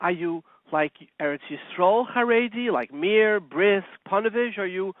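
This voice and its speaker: A man's voice: high-pitched, dry recording, pitched above the performer's own voice, natural voice. A man voicing an eager male questioner in a joke who fires off prying questions, over a tinny phone-like line. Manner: rapid probing questions, excited.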